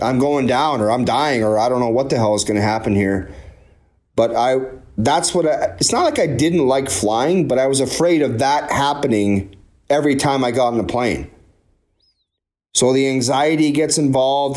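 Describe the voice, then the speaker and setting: A man's voice: medium pitch, a little mellow. A man in his forties, a former pro hockey player, talking candidly and at length in an interview, often repeating himself. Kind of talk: emotional interview conversation.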